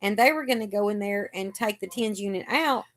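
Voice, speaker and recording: A middle-aged woman hosts a casual live chat. She tells long chatty stories and acts out what the doctors told her. Her voice sits at a middling pitch. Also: a little fast.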